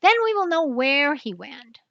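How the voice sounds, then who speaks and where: A woman voicing a clever, self-assured male detective in a storybook, speaking slowly and brightly. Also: high voice, sing-song, gravelly, no echo, dull audio, pitched above the performer's own voice, full character voice. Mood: confident. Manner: confident, explaining.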